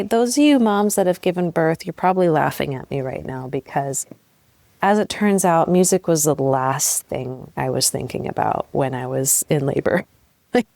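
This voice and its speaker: Low-voiced woman telling a candid story. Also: no echo. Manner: candid and animated, swears freely, laughs at herself. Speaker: podcast host. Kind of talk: personal storytelling monologue.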